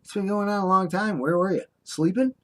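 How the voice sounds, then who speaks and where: Brisk and a bit bright, a high male voice belongs to an older vlogger from the United States who scolds his viewers in an impassioned monologue. His sarcastic side comments come out in a drawl.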